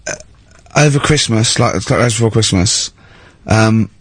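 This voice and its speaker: A man's voice: fairly low pitch, measured pace, breathy edge, dry recording. A man in casual radio chat in a studio, telling anecdotes and acting out the people in them. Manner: anecdotal storytelling with quoted voices. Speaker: radio co-host.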